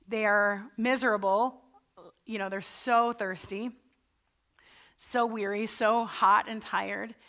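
Woman pastor, slightly high voice, chatty sermon delivery that acts out voices. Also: sharp tone. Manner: conversational storytelling, acts out the Israelites' panicked voices.

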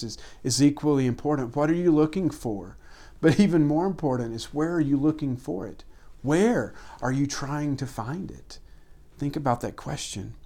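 A man delivers a sermon from the pulpit at a middle pitch. He stacks phrases into rhythmic lists and pushes them with rising emphasis. Then he pulls back into soft, almost whispered lines. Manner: swings between emphatic rises and hushed, near-whispered passages. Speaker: pastor.

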